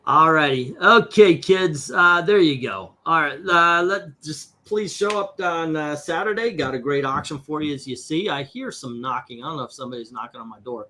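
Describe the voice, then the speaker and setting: A man's voice: on the high side, normal speed, few pauses, sharp tone. A man hosting a comic book channel, chatting casually as he reads off a long list of comic titles and issue numbers. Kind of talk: casual chat while unboxing auction comics.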